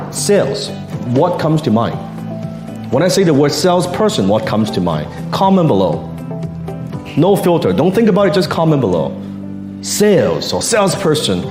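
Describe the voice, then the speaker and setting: A man giving a motivational sales talk who asks the audience questions as a sales coach. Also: medium pitch. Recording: roomy sound with music underneath.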